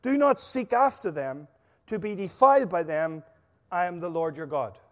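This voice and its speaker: A man preaching a sermon, emphatic and full of stories, his volume swinging between loud stresses and quiet asides. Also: high-pitched, animated, moderate pace. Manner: emphatic, storytelling, rising and dropping volume. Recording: long hall reverb.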